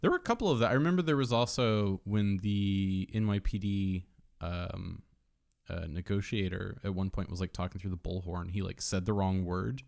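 A man's voice: low voice, moderate pace, gravelly, darkish tone. A man co-hosting a podcast, chatting casually about a film and laughing often. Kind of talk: casual movie chat.

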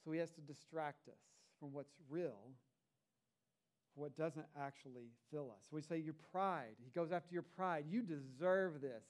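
A man's voice: a little high, moderate pace. A man, a pastor, preaching a sermon in a conversational way, with rhetorical asides to the congregation.

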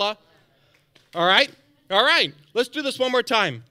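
A man preaching a sermon as pastor, animated, calling out to the congregation for responses, then dropping soft for encouragement. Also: normal speed, pauses often, clean tone. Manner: drops to a soft, low tone for quiet encouragement.

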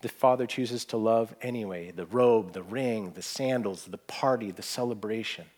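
A man preaching a sermon, earnest, pressing points hard and then dropping to a hushed voice. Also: on the low side, moderate pace. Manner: earnest, swings from emphatic to hushed. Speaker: pastor.

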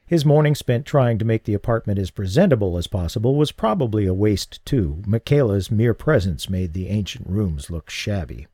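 Male audiobook narrator, steady and even, with a warm, dark tone; dry, close recording. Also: lowish voice, no echo. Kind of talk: scripted narration.

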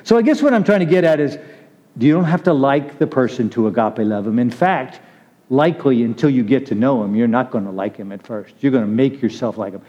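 A man's voice: mid-range voice, animated, brisk, warm tone. A man giving a casual, conversational sermon, chatty and laughing as he calls on listeners by name. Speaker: preacher. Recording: muffled lo-fi recording.

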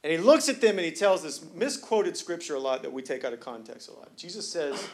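A high-pitched male pastor delivering a sermon in a church. He talks in a loose, joking, conversational way, then rises into loud, emphatic preaching. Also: expressive, a little fast, few pauses, a little hiss or hum. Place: church sanctuary.

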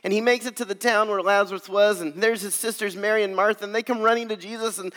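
A man preaching a sermon as pastor, earnest and swelling louder on key phrases. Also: high voice, steady tone, fairly quick, few pauses, in a large hall.

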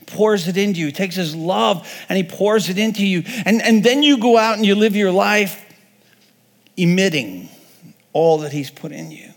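A male pastor delivers a sermon in an earnest, unpolished way, often restarting and repeating words mid-thought. His voice sits a little high for a man. A long reverb trails each phrase, as in a large church sanctuary. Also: animated, normal speed.

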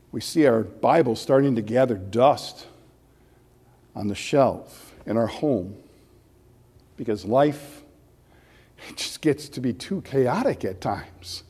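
A man preaching a sermon as pastor, earnest and full of rhetorical questions, his voice growing animated as he goes. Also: mid-range voice, takes it slowly, long pauses, slightly rough, in a large hall.

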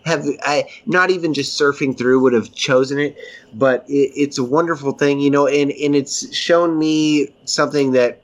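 A man's voice: on the high side, fairly even intonation, normal speed. A man co-hosting a podcast, chatting casually in a rambling, enthusiastic way with frequent restarts. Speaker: podcast co-host. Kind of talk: casual chat.

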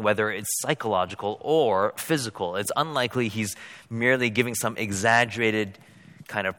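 A man preaching a sermon as a pastor, rising to loud, high-pitched emphasis and then dropping to quiet. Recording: long hall reverb.

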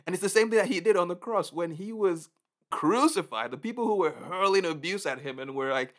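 Man, preacher, casual sermon, conversational, animated, fairly high voice. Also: brisk. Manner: conversational and animated, acts out reactions.

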